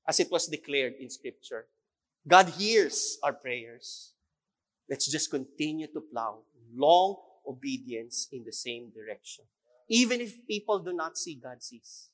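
A man's voice: fairly high pitch, fairly bright tone. A male pastor with a Filipino accent preaching a sermon, emphatic and repeating key phrases, sometimes switching into Tagalog. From Philippines.

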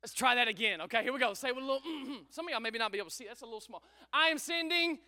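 Male pastor, energetic call-and-response sermon, very high tense voice, dry sound. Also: racing, no echo. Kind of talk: preaching a sermon to a congregation.

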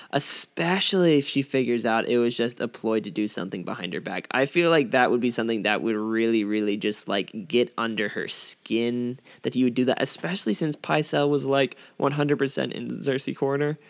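A man co-hosting a podcast, talking in an animated, joking, opinionated way. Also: mid-range voice, vocal fry. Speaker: podcast co-host. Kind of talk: casual chat.

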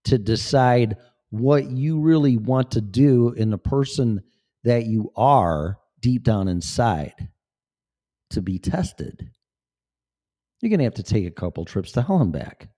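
A man's voice: mid-range voice, mellow. A man in his late fifties talking in a rambling, profane, emphatic monologue to camera. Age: 50s. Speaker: vlogger.

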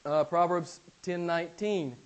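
Man preaching, slightly raised pitch, dramatic swings from loud to whispered, repetitive emphatic phrasing. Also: measured pace, poor audio. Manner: repeats key phrases for emphasis. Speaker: pastor. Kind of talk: sermon. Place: church pulpit.

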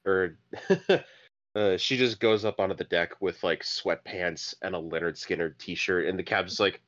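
A man's voice: low voice, unhurried, fairly bright tone, dull audio. A man co-hosting a podcast, chatting playfully and laughing often. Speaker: podcast co-host. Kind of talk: casual comedic chat.

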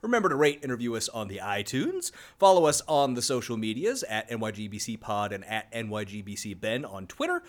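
A man's voice: fairly low pitch, big pitch swings, fairly quick, hardly any pauses. An American man co-hosting a podcast, chatting casually, laughing often and swearing freely. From United States. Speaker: podcast co-host.

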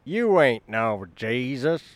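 A man's voice: mid-range voice, very animated, takes it slowly, no echo. A man voicing a dim, blustering rural character.

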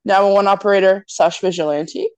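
A woman's voice: medium pitch, steady tone, a little fast, darkish tone, smooth, dry recording. A young woman chatting casually, dropping dry teasing remarks. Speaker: podcast co-host. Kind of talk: casual chat.

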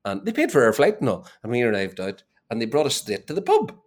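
A middle-aged man tells an animated, swearing story as a guest in a casual chat. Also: mid-range voice, quick pace. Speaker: guest, former player.

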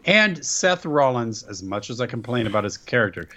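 A man's voice: mid-range voice, big pitch swings, normal speed, pushed and bright. A man bantering on a podcast with a wry, joking manner. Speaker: podcast co-host. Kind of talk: casual chat. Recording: dull lo-fi sound.

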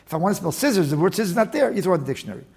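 Animated, gravelly-voiced man being interviewed. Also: high-pitched, racing. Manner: animated, digressive, with frequent restarts and Talmudic terms. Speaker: guest, attorney and index author. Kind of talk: casual interview talk.

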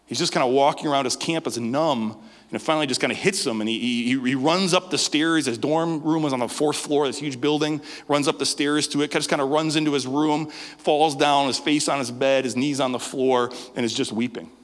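Male guest preacher, mid-pitched, lively storyteller who stumbles and repeats words, long church reverb. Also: brisk. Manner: animated, stammers with repeated words. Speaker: guest pastor. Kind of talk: storytelling sermon.

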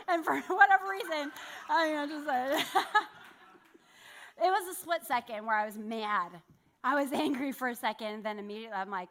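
A woman delivers a sermon in a high voice, folding candid personal stories into her message. Her tone is bright and a little sharp, and she pokes fun at herself as she talks. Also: expressive, normal speed. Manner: candid, self-deprecating storytelling with laughs. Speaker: church speaker.

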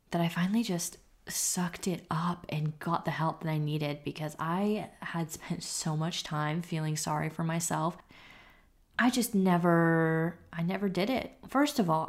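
A young woman with a lowish voice hosts her own podcast at a moderate pace. She talks about her life in an open, confessional, casual way, letting the odd swear word slip.

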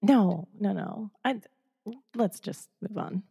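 A woman's voice: medium pitch, takes it slowly, creaky, mellow, breathy edge, muffled recording. Teasing woman podcast co-host. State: slightly scratchy voice. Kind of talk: casual chat.

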